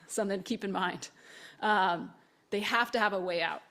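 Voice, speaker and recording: A woman telling a story in conversation, animated, acting out the voices of the people she quotes and laughing often. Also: mid-range voice, moderate pace. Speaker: speaker.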